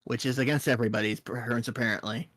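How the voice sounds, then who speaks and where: A man co-hosting a casual podcast chat, rambling and joking, now and then slipping into high silly voices. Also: fairly even intonation, rapid-fire, fairly bright tone. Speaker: podcast co-host.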